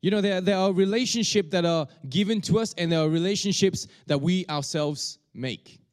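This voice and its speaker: A male pastor preaching a sermon, talking in a halting way with many restarts and fillers. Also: high-pitched, clear, resonant tone.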